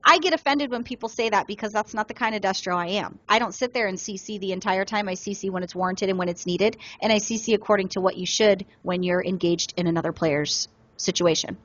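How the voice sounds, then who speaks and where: A woman co-hosting a casual gaming podcast, telling stories with lively energy and acting out other players in quotes. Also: mid-range voice, fast talker, few pauses, highs cut off. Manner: animated storyteller, acts out other players in quotes. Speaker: podcast co-host.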